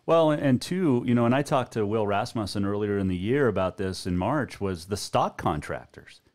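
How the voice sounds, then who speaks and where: Man, radio host, from Montana, relaxed, conversational, expressive pitch. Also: normal speed. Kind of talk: casual interview chat.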